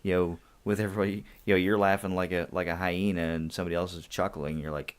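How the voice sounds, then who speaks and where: Very deep-voiced man, animated chat. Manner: animated, quick, laughs at own jokes. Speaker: podcast co-host. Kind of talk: casual chat.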